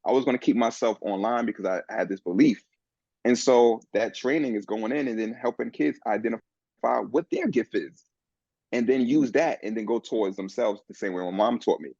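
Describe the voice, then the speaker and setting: A man guesting on a podcast, telling a personal story in an earnest, animated way with many restarts. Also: medium pitch, brisk, no echo. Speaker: guest, men's coach. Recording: dull, dry lo-fi sound.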